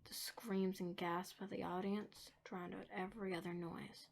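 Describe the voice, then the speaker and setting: A woman tells a dark tale in an amateur story video, her voice mid-pitched and ordinary. She often sinks into whispers, then lands hard on key words, over a faint hiss. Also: level tone, a little slow, vocal fry. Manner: dramatic, shifting between whispers and emphasis. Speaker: narrator. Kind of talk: storytelling narration.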